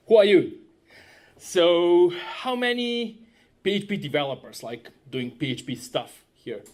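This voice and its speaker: A man presenting a technical conference talk, conversational and self-deprecating, often asking the audience questions. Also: high voice. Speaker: conference speaker, web developer.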